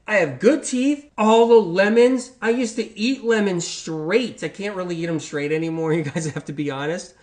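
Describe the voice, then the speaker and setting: A middle-aged man talks in an animated monologue, his voice sitting a little high for a man. He hammers his points with repeated rhetorical questions and swings from loud outbursts to quieter, low-key stretches. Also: normal speed, few pauses, no room sound. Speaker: health talk host.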